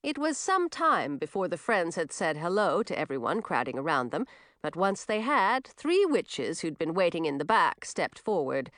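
A woman reads a storybook aloud with an expressive, animated delivery. Her pitch moves lively through each phrase, and the recording is close and dry. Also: moderate pace, no room sound. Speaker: narrator. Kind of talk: storybook narration.

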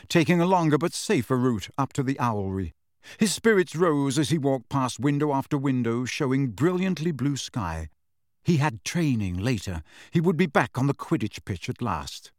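A man narrates an audiobook in a steady, measured way, at a mid-range pitch. The recording is dry and close, with no room echo.

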